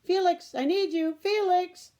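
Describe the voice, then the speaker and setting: A woman voicing an excited young schoolteacher who talks urgently. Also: on the high side, normal speed, voice pushed up, lightly acted. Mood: calling. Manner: urgent and breathless.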